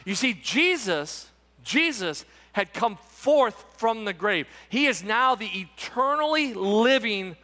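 Male pastor, very high voice, bright tone, church sanctuary reverb. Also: expressive, takes it slowly. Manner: emphatic preaching, frequent repetitions and rhetorical asides. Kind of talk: Easter sermon.

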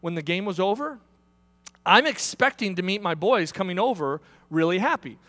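A middle-aged male pastor delivers a sermon in a high, bright voice with a sharp edge. He tells stories to the congregation, speaks to them directly, and often builds into loud, high-pitched preaching. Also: expressive, moderate pace, long reverb tail. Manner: storytelling with direct appeals to listeners.

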